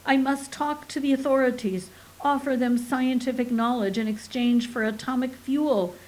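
Woman putting on a pompous male alien, stentorian, wailing, slow and loud, storybook voice. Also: on the high side, expressive, poor audio. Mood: pleading. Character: pompous, desperate male alien scholar on a rescue mission.

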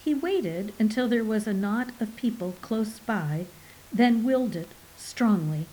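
A woman narrating an audiobook in an expressive storytelling delivery. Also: medium pitch, unhurried, poor audio.

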